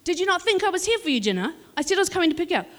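A fuming, exasperated boss who can hardly believe what she hears, as a woman preacher puts her on. Her voice is high, sharp and raised, with a long hall reverb behind it. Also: very fast. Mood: incredulous.

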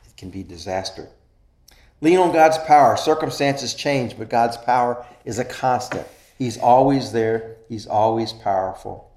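A man's voice: mid-range voice, a little mellow. Earnest man preaching in an echoey room. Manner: earnest preaching with rising emphasis and slow stressed phrases. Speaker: pastor. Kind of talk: sermon.

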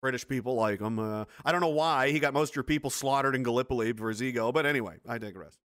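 A man in casual podcast chat, rambling and animated, swearing freely as he rants. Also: mid-range voice, fast talker, no echo, studio quality. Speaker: podcast co-host.

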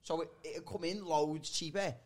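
High-voiced man spinning a yarn. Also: fairly even intonation, moderate pace. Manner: rambling, repeats "listen" and "like", bursts of laughter. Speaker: podcast guest. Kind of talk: casual comedic storytelling.

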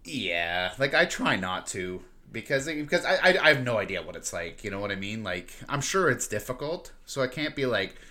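A man's voice: on the low side, big pitch swings, normal speed, hardly any pauses, sharp tone. A man co-hosting a podcast, chatting casually, swearing freely and laughing as he tells stories. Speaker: podcast co-host. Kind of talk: casual chat.

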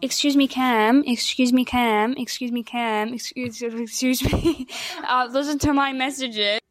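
A man doing a shrill, pushy woman who nags over and over in voice messages. The voice sits very high and sounds dry and close, with no room around it. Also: steady tone, a little slow, fairly bright tone, dry recording. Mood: insistent. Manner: insistent, repeating herself.

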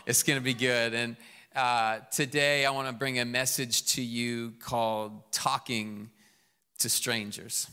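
A man preaching a sermon as pastor, animated and conversational, joking with the congregation in a church. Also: mid-range voice, unhurried, clear, resonant tone, long reverb tail. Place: church sanctuary.

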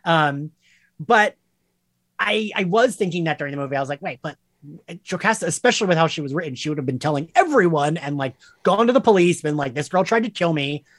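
A man's voice: a little high, expressive, fairly quick, no room sound. Hesitant man with a dry, close sound. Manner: hesitant, many fillers and quoted inner thoughts. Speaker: podcast co-host. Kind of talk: casual film discussion.

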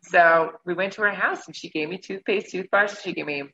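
A woman, a guest on a show, telling a travel story in a casual, animated way and acting out her own reactions. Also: on the low side, fairly quick, vocal fry, lo-fi sound, slight background noise.

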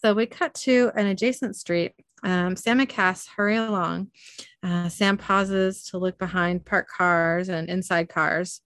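A woman's voice: on the low side, steady tone, unhurried, fairly bright tone, dry recording. A young woman hosting a podcast, casually reading an episode recap aloud with frequent ums. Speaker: podcast host.

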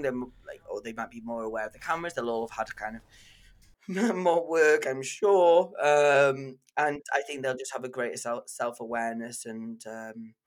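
A young man from Manchester, chatting as a podcast guest in an animated, gossipy way and laughing easily. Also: mid-range voice. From Manchester, England. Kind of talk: casual chat.

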